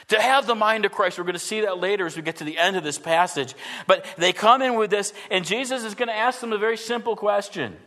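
Middle-aged pastor preaching, high voice, goes loud then real hushed, long hall echo. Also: male voice, a little fast. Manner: earnest preaching that swings from forceful to hushed. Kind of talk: sermon.

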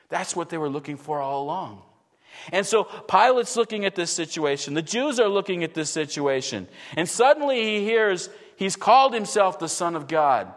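A man preaching an expository sermon, vividly retelling the scene and asking the congregation rhetorical questions. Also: high voice. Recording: long reverb in a large hall.

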